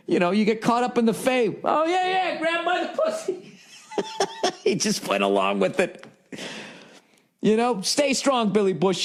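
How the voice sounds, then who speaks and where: A man's voice: a little high, darkish tone. A man hosting a podcast, ranting in an exasperated, profane monologue while jet lagged. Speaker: podcast host.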